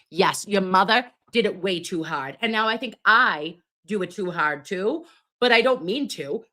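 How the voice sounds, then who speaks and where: A middle-aged nurse hosting a live stream, chatting with viewers and reading their comments while she gets over pneumonia and keeps clearing her throat. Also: mid-range voice, sharp tone. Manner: chatty, calls viewers babes, reads comments aloud. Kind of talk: casual live stream chat.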